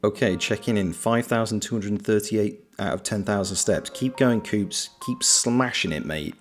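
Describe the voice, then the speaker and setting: Streamer host, man, low-pitched, easygoing chat with viewers, faint music underneath. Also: normal speed. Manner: chatty, reads chat messages aloud and answers viewers. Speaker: livestream host. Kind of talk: casual livestream chat. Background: soft lo-fi background music.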